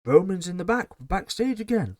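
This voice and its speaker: A man's voice: high voice, sing-song, moderate pace, darkish tone, no echo. Sarcastic man recapping wrestling. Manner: sarcastic, blunt, rambling. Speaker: wrestling show reviewer. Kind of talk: casual recap commentary.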